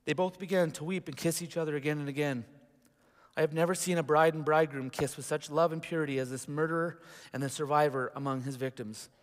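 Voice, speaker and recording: Pastor preaching in a reverberant hall. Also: male voice, a little high, steady tone, fast. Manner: reads aloud with asides to the congregation. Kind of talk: sermon, reading a story aloud. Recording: long reverb of a large hall.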